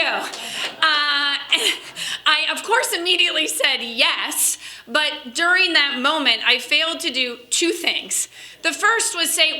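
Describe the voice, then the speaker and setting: A woman in her thirties from Western Wisconsin, giving a convention speech as a political speaker, telling stories in a chatty way with quick asides. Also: high voice, sharp tone.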